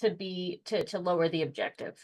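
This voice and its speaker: Excitable woman player at a game table. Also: on the low side, fairly quick, poor audio. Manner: excitable, gleeful and rambling.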